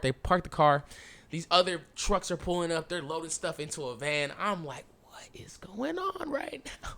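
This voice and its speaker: A young man hosting a podcast, telling a personal story in casual, slangy speech with lots of swearing and acted-out dialogue. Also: mid-range voice. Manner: animated, swearing, slangy, acts out past dialogue. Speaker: podcast host.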